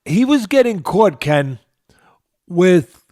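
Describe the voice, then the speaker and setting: An older man with a New York accent hosts a boxing podcast, analyzing a fight in an emphatic way and circling back to repeat his points. His voice sits somewhat high for a man. The sound is dry and close, with no room echo. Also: big pitch swings, slow pace, warm tone. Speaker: boxing trainer and show host.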